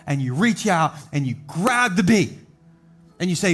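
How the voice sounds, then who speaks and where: Pastor, male, high-pitched, playful storyteller who turns slow and emphatic for key points; live sanctuary, faint music under. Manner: humorous storytelling, animated voices for quoted characters; slows down to a deliberate, emphatic cadence when preaching. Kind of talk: sermon. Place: church sanctuary before a live congregation. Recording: live church service with faint background music.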